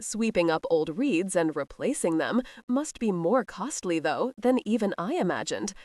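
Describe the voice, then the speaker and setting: A woman's voice: fairly low pitch, big pitch swings, normal speed, a little mellow. A woman voicing a clever young noble bride who speaks mildly but pointedly. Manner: mild yet pointed.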